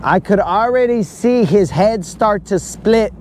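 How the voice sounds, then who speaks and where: On a boat out on a lake, a man runs a fishing livestream, goofing around in a rambling way and calling everybody bro. His voice is high and a little mellow, with a measured pace and slight background noise under the casual joking.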